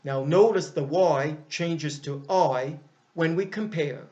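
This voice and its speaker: A man teaching an English grammar lesson, speaking deliberately and repeating each example. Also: on the high side, mellow. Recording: dull lo-fi sound.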